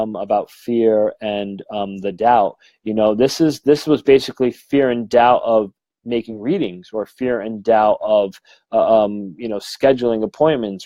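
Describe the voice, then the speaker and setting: A man's voice: lowish voice, dark tone, no room sound, poor audio. A man, middle-aged, a medium giving a frank, rambling live-stream talk full of fillers and swearing. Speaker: medium and mentor.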